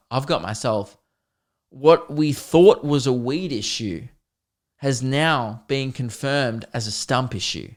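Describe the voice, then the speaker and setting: A young man, hosting a podcast and telling a long comic story with animated, self-mocking, sweary mock-epic flair. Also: mid-range voice. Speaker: podcast host.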